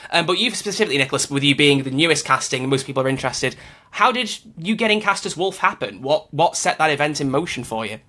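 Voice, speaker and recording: A man's voice: fairly high pitch, lively intonation, quick pace, sharp tone. A man hosting a casual interview over a video call, upbeat and chatty, laughing easily. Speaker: interviewer, channel host.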